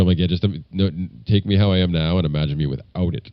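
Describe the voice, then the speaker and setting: A man co-hosting a podcast, talking casually and arguing loudly about politics. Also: sits low, brisk, no room sound, lo-fi sound. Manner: loud, argumentative. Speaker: podcast co-host.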